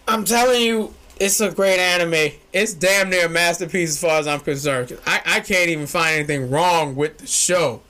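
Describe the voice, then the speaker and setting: Man, young adult, very high pitched, bright and forceful, excitable, slangy, shouts when hyped. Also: moderate pace, few pauses. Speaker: podcast co-host. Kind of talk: casual chat.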